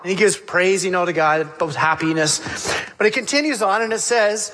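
A man preaching a sermon in a lively storytelling manner, acting out the characters' lines as he goes. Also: high voice, normal speed, slight background noise. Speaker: pastor.

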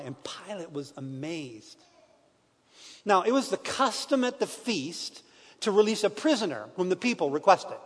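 A man giving a dramatic scripture reading, his delivery swinging from hushed to loud. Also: sits high. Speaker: scripture reader. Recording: long reverb with soft piano.

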